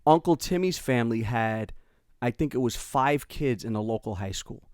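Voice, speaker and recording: A middle-aged podcast host with a New York accent tells a family story in animated, casual chat, acting out the quotes. His mid-range voice sounds smooth at a normal speed, in a dry, studio-quality recording.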